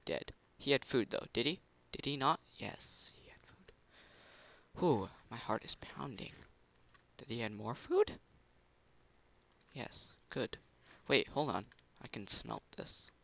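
A man's voice: medium pitch, vocal fry, fairly bright tone. A man giving casual commentary over a video game, muttering to himself, humming little tunes and bursting into gloating. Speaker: gameplay commentator.

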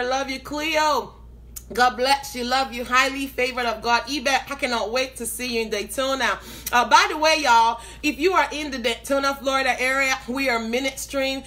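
A woman preacher hosts a live broadcast and greets her viewers one by one by name. Her voice is bright and sits a little high. She sounds excited and laughs easily between greetings.

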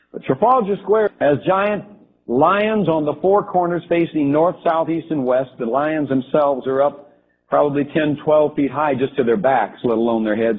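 A slightly high-pitched, husky male voice recounts a vision in the first person, pausing and restarting as he searches for words. The recording is thin and phone-like, with the lows and highs cut away. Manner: halting, with frequent restarts and fillers. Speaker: storyteller recounting a religious vision.

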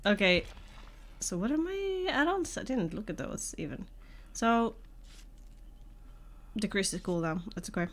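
A woman streamer chatting casually while playing a video game, self-deprecating and laughing often. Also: on the low side. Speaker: gaming streamer. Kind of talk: casual gameplay commentary. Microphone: podcast microphone.

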